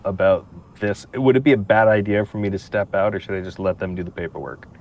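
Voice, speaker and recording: A man's voice: on the low side, quick pace, darkish tone. A man chatting eagerly as a tabletop game player. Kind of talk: casual game talk.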